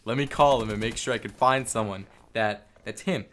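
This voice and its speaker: A man's voice: fairly low pitch, moderate pace. A young man vlogging, telling a rambling story with lots of swearing and filler words. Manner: rambling, animated, frequent swearing and "like". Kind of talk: storytelling vlog.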